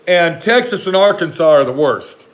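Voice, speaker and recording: A man's voice: a little high, rough recording. Fired-up, foul-mouthed storytelling man. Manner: profane, rambling, talks back to imagined haters; animated, jumps between slow emphasis and rushed asides. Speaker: vlogger telling a personal story. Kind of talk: casual storytelling to camera.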